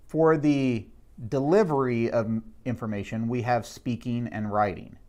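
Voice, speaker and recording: A man, an instructor, narrating a recorded lecture summary in a measured, explanatory way and slowing down to stress key words. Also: medium pitch, darkish tone.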